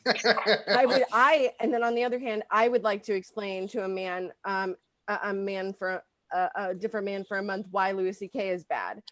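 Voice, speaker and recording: A woman's voice: medium pitch, fairly even intonation, normal speed, a bit bright, no echo. Rambling woman comic, dry close sound. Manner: rambling, full of ums and likes. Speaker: stand-up comedian. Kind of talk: stand-up comedy set.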